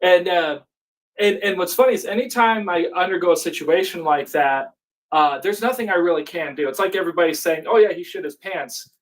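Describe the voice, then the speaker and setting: A man as a podcast guest, talking in a reflective, halting way. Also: sits high, far from the mic, low-quality recording. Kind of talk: casual chat.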